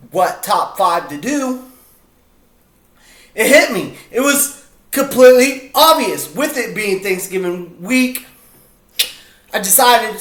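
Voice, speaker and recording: A man with a high, bright voice chats casually as the host of his video, playful and rambling, losing his thread and starting over. He speaks at an unhurried pace, in an echoey room. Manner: rambling, playful, breaks off and restarts. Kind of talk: casual chat.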